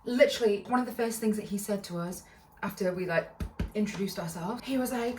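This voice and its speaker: A woman's voice: medium pitch, brisk, a little mellow, recorded from a distance, soft background music. A woman telling a storytime vlog in a bubbly, giggly, rambling way, full of side notes. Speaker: vlogger. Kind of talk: casual storytime. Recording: echoey room, voice a bit off-mic.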